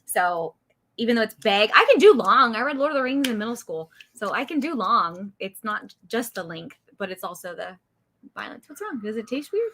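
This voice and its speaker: Chatty young woman, bright voice that swings around a lot, giving easy advice. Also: a little high, big pitch swings, normal speed. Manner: chatty, warm advice-giving, laughs often. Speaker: livestream co-host. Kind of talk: casual livestream chat.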